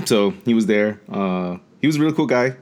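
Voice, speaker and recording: A man's voice: fairly low pitch, expressive, moderate pace, a little mellow. A man co-hosting a casual podcast, telling stories animatedly and laughing often. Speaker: podcast co-host. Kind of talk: casual storytelling chat.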